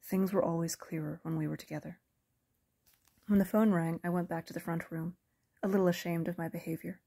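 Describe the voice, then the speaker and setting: A woman reading a first-person audiobook novel in a measured, even storytelling manner. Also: on the low side, vocal fry, breathy edge. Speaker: audiobook narrator.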